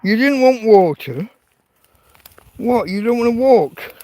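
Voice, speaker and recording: A man's voice: high-pitched, expressive, slow pace, mellow, dry recording. A man, hosting a casual livestream from a tent in a field, talking to his dog in an exasperated, sweary way. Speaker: livestream host. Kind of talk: casual night-time livestream chat.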